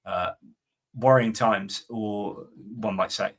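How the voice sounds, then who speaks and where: A middle-aged man hosts a live stream in a loose, rambling way, full of fillers and restarts. His voice sits a little low, and he reads out and answers viewer comments as casual chat. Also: slow, a bit bright.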